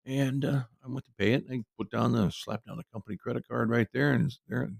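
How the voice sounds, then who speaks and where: Middle-aged male storyteller, gravelly and dry-miked, folksy and rambling. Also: medium pitch, quick pace, no echo. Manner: rambling, folksy, lots of asides. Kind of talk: casual personal anecdote.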